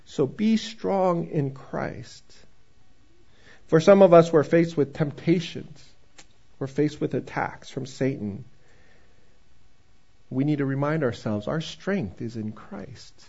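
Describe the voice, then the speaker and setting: Male pastor, conversational sermon, high-pitched voice, gravelly texture, muffled recording. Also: slow pace, pauses often, mellow. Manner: conversational, joking with the congregation.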